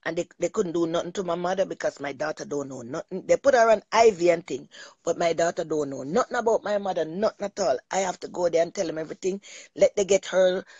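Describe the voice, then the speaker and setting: A woman's voice: fairly low pitch, a little mellow, breathy edge, dry recording, dull audio. Emotional woman telling a rambling story. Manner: rambling, emotional, repeats herself. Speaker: talk show host. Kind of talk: personal storytelling monologue.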